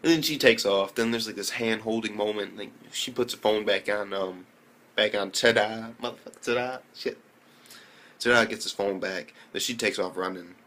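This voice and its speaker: A young man giving a casual, profane review of an episode, full of slang and sudden high exclaimed reactions. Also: normal speed, pushed and bright. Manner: heavy swearing and slang, jumps into high-pitched exclaimed reactions. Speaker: anime reviewer.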